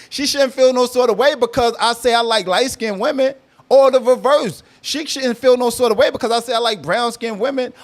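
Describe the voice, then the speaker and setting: High-voiced man hosting a live chat. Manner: animated, repeats himself, teasing. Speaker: host of a live audio chat room. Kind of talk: casual live discussion.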